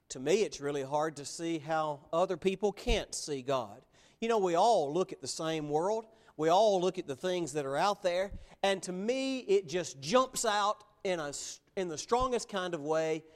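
Male preacher, higher voice, sermon delivery, plain and earnest, emphatic slow stresses.

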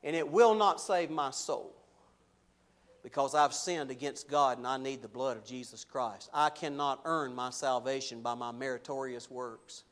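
A man preaching a sermon, animated, rising loud when voicing objections and dropping low and slow for solemn points.

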